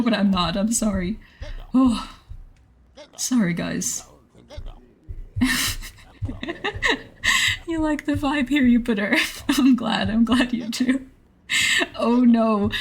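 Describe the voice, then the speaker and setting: A woman's voice: a little high, breathy edge. A young adult woman streaming a game live, often laughing, flustered and apologizing to her chat.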